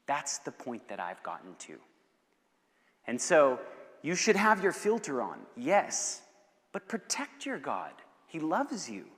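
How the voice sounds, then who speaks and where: Man, preacher, passionate, lively pitch swings, loud then hushed, long hall reverb. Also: unhurried. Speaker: guest speaker. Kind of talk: passionate youth sermon with Q&A. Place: school assembly hall.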